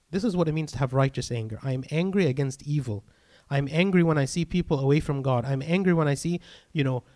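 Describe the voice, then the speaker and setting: A man, a priest, giving an earnest sermon and checking in often with "right?" and "okay?". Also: on the high side.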